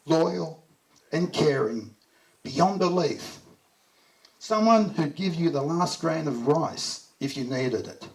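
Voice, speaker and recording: Taking his time, a middle-aged Australian man with a fairly high, lively voice delivers a warm eulogy at a memorial, chuckling through his affectionate anecdotes. His voice comes across as distant from the mic.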